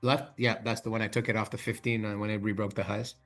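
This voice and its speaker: A man hosting a live trading stream, chatting in loose, slangy banter with quick laughs. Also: on the low side, little pitch movement, a bit bright, soft background music. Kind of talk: casual chat while trading.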